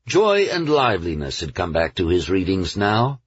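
A man reading a novel aloud as a narrator, in a measured storytelling manner. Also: sits low, animated, husky, dry recording. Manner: measured storytelling, slows on lists. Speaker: audiobook narrator. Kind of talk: scripted narration. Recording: dull, dry studio recording.

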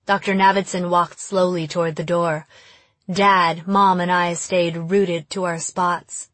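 A woman narrating an audiobook in a steady storytelling voice. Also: lowish voice, unhurried, dry recording. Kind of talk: scripted narration.

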